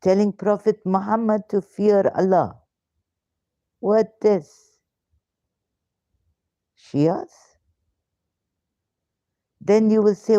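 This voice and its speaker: A woman's voice: medium pitch, fairly even intonation, very slow, long pauses, warm tone, no room sound. A woman hosting a live question-and-answer talk, emphatic and indignant, piling up rhetorical questions with hesitant fillers and broken grammar, on dull lo-fi stream audio. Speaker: ex-Muslim question-and-answer host.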